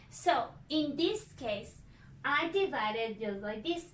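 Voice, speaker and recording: Teacher: woman, high voice, very slow and patient, repeats each word for young learners. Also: animated, a bit bright. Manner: slow, patient, repeats words and spells out vowels. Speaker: English teacher. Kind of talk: recorded lesson for young learners.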